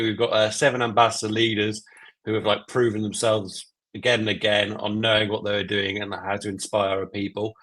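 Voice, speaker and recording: A man's voice: lowish voice, a bit bright. A man giving a casual update on an ambassador program during an online call, laughing easily and restarting words.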